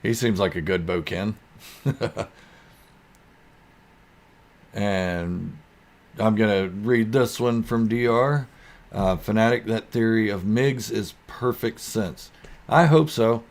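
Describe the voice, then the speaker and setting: A man with a low voice hosts a relaxed live stream. He reads viewer comments aloud and rambles through them in a goofy, easygoing way. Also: slow pace, pauses often.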